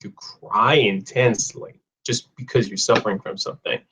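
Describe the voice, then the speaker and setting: Against a noisy background, a young man with a lower voice talks at a moderate pace with fairly even intonation. He's leading a live online idioms lesson in English, reading viewers' comments out loud and bantering with them.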